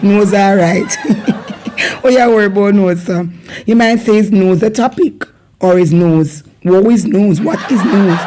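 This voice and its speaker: A woman with a Jamaican accent hosting a casual video lesson on Patois, energetic and laughing often. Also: medium pitch, slight background noise. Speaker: channel host teaching Jamaican Patois.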